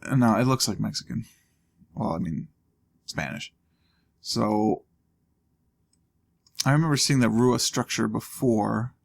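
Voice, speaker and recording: A man's voice: mid-range voice, measured pace, vocal fry, pauses often. A man hosting a let's play, casually thinking aloud with wry asides as he plays. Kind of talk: casual gameplay commentary.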